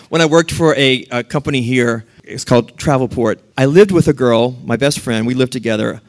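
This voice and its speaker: A man's voice: medium pitch, brisk, few pauses. A man preaching a sermon, reading scripture aloud and animatedly acting out the voices of the people he quotes.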